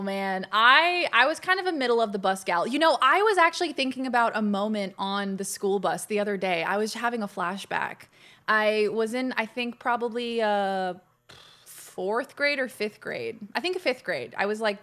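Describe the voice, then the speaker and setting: A young adult woman hosts a casual live game stream, chatting bubbly with viewers and gushing as she greets them. Her mid-range voice is animated, pushed, and bright, at normal speed.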